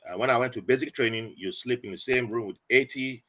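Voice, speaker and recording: Man, 40s, podcast guest; bright, lively storyteller. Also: medium pitch, fast talker. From Nigeria. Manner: animated, acts out quoted voices.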